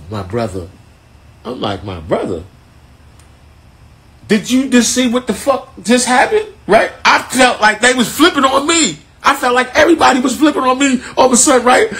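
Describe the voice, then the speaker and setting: A man telling a long story in a loose, animated way, heavy on profanity and street slang, over a phone on a live stream. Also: medium pitch, slightly rough. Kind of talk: casual storytelling.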